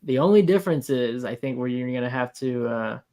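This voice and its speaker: A man's voice: medium pitch, expressive, fairly quick, dark tone. A man co-hosting a casual podcast chat, easygoing and teasing, thinking aloud as he talks. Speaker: podcast co-host.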